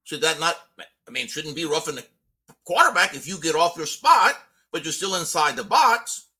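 A man co-hosting a casual sports podcast, quick to joke and to make predictions. His voice sits a little high and rings very bright and sharp. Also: breathy edge. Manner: animated, joking. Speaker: podcast co-host.

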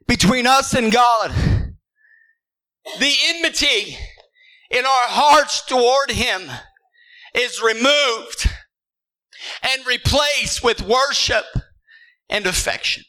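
High, bright-voiced man preaching a sermon. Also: slow, long pauses, low-quality recording. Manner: emphatic preaching, builds to shouts and drops low; repeats words when starting a thought. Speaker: pastor. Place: church service with congregation.

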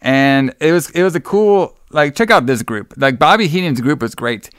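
A man's voice: a little high, animated, moderate pace, a bit bright, clear, resonant tone, no echo, clean studio sound. A man hosting a casual podcast chat, enthusiastic, rambling and profane. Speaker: podcast host.

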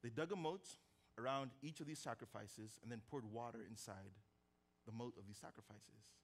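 A young adult man preaching a sermon, telling a story with lively swings between loud and hushed delivery and casual joking asides. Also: mid-range voice, normal speed. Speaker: pastor.

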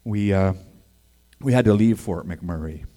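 A man's voice: fairly low pitch, measured pace. A man telling his life story as a personal faith testimony in a casual, folksy way, acting out the people in it. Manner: animated, acts out the other people's voices in his story; casual and folksy, with 'man' and 'boy, I tell you'. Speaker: speaker giving a personal testimony.

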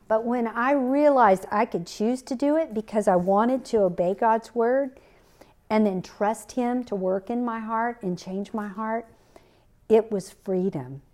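Here a middle-aged woman with a medium-pitched, somewhat mellow voice hosts a faith-based podcast. She earnestly relates a personal story and quotes scripture.

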